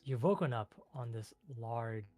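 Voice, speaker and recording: A man's voice: medium pitch, measured pace, a little mellow, no room sound, soft background music. A man narrating a tabletop game as game master, loose and chatty.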